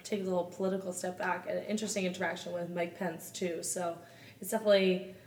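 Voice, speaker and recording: Relaxed female podcast guest, lowish voice, distant mic, roomy sound. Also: fast. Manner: relaxed, easygoing, laughs readily. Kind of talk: casual chat. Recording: roomy, off-mic with faint noise.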